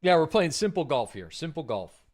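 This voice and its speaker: A live-streaming gamer with a slightly high voice chats with viewers at a moderate pace while he plays, thanking subscribers by name. He's relaxed and talkative, full of fillers and asides to the chat.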